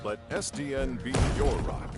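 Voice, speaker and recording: A man's voice: medium pitch, moderate pace, lightly acted. A man voicing a reassuring corporate ad announcer. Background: loud game music.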